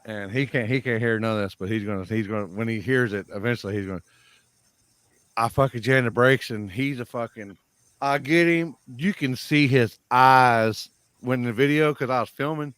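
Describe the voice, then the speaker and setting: A man's voice: medium pitch, normal speed, a bit bright, clear, resonant tone, dry recording. A man in casual podcast chat, telling rambling stories and swearing freely.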